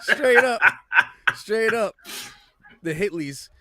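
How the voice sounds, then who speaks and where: Profane, animated man in crude banter. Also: sits high, takes it slowly. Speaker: podcast co-host.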